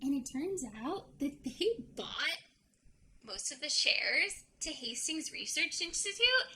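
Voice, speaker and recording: Bright high-voiced woman recapping a book. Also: very animated, slow pace, slight background noise. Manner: retells the plot, acting out the characters' lines. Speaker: book podcast co-host. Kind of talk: casual book recap chat.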